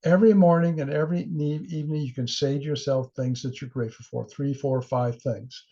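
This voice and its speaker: A man's voice: medium pitch, steady tone, brisk, mellow. A middle-aged man presenting a training webinar in an earnest, encouraging way, sometimes acting out the voices he quotes. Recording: dull lo-fi webinar audio.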